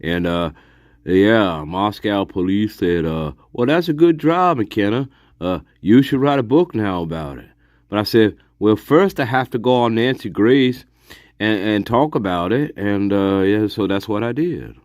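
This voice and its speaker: A man putting on a mocking impression of a smug middle-aged male investigator, in a low, boastful drawl full of "uh"s. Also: animated, measured pace, darkish tone, no echo, studio quality.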